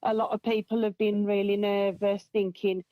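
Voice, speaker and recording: A woman's voice: mid-range voice, level tone, normal speed, no echo. A middle-aged woman with a Birmingham accent, calling in to a radio-style phone-in, chatty and self-deprecating. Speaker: caller. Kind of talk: casual phone-in chat. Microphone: phone line. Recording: dull dry phone audio.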